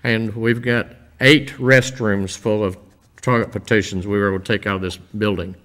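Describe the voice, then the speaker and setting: An older man speaking informally to a church congregation, telling stories in a folksy, rambling way with many pauses. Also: lowish voice, fairly even intonation, fairly bright tone. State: emotional, voice dropping. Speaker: visiting church-building minister.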